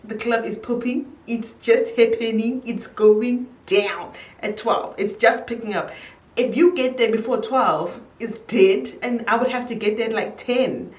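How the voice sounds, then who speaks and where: A woman's voice: a little high, recorded from a distance. Young woman, casual makeup storytime, chatty, laughs easily, roomy echo, set back from the mic. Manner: chatty, laughs easily, quotes her mom in a raised voice. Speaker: beauty vlogger. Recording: echoey room, voice from off-mic.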